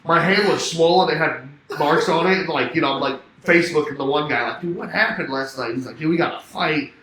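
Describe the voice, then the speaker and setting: A man's voice: fairly high pitch, brisk, a little hiss or hum. A young man telling a rambling party story in casual chat, swearing and laughing, acting out both sides of phone calls. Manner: swearing, laughing, animated anecdote with quoted dialogue. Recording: echoey room with faint ambience.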